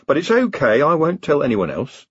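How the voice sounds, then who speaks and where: A sly wizard, played by a man coaxes along in a wry, husky tone. The recording is dull and dry. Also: a little high, wildly swooping pitch, moderate pace, no room sound, pitched above the performer's own voice, full character voice.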